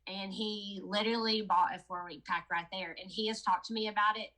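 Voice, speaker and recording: Chatty bright-voiced woman telling a story. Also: mid-range voice, steady tone, a little fast, poor audio. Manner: chatty storytelling, addressing listeners as "you guys". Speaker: product promoter. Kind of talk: casual training talk to a sales team.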